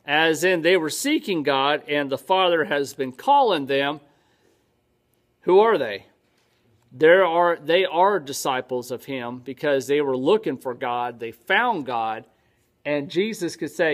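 A man's voice: a little high, animated, unhurried, fairly bright tone. A male pastor teaching a sermon in a church, conversational, often asking his congregation questions and answering them himself.

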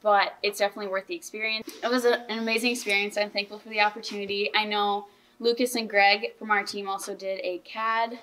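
A woman's voice: medium pitch, little pitch movement, fast talker, a bit bright, rough recording. A teenage girl hosting a school team podcast in casual chat, earnest and enthusiastic, often restarting her sentences. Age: teens. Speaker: podcast host.

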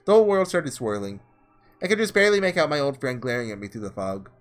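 A man voicing an earnest, principled young ruler, reading in a measured, formal way. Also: medium pitch, big pitch swings, faint music behind, natural voice.

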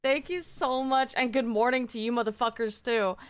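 A woman streaming live and chatting casually, excitable and heavily profane, her voice still recovering from strain. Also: fairly high pitch, moderate pace, smooth.

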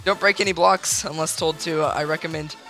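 A young man with a bright, tense, fairly high voice jokes and rambles casually with friends during a game session. Music plays softly underneath. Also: steady tone, brisk, poor audio. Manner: joking, rambling. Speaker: gamer. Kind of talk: casual chat over gameplay. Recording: background music track.

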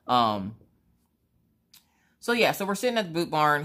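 A woman, chatting away as she works on a craft. Her stories ramble, and her pitch swings widely as she tells them. She sounds like a casual, chatty vlogger. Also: moderate pace. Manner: animated rambling storyteller. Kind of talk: casual chat while crafting.

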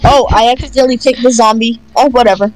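A woman's voice: a little high, steady tone, fast, music in the background, low-quality recording. A woman casually acting out a game role-play, blunt and offhand.

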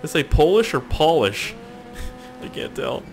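A man's voice: on the high side, big pitch swings, measured pace, vocal fry, a little hiss or hum. Rambling, foulmouthed young gamer guy. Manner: rambling, profane, jokey, talks to viewers. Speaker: gaming YouTuber. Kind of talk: casual gameplay commentary.

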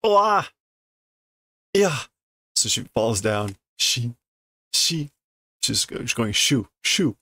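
Slow gravelly man reading a comic. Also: medium pitch, lively intonation, bright, forceful tone, dry recording. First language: English. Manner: amused, chuckling, explains as he goes. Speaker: streamer reading a comic aloud. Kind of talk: casual read-through with commentary.

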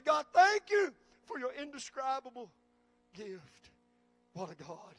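A man preaching a sermon as pastor, calling out to the congregation and building to shouts. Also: extremely high pitch, wildly swooping pitch, slow, dry recording.

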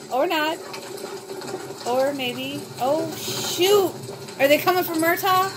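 A woman hosting a TV reaction video, talking back to the screen in an expressive, exclaiming way. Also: high voice, slow pace, noisy background. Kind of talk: casual TV reaction commentary. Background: TV episode audio playing.

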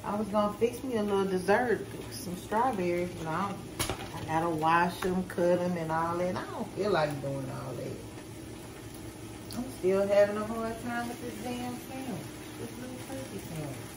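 Speaking at a normal speed in a mid-range voice, this tired, laid-back woman vlogs from her kitchen at home, addressing viewers as "y'all" and cursing casually. It's a relaxed chat to camera, recorded in an echoey room with noise in the background.

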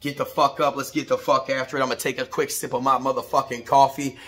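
A middle-aged man giving a blunt, profane morning motivational talk, preachy and repetitive, building to shouted pep-talk bursts. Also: medium pitch, little pitch movement, quick pace. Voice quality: profane, blunt, street-casual. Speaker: motivational vlogger.

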